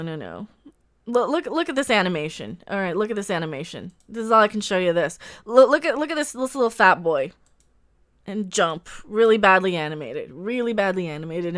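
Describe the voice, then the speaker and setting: A woman hosting a casual live reaction stream, sarcastic, laughing often and bursting into loud exclamations. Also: medium pitch, clear, resonant tone. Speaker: livestream host reacting to a trailer.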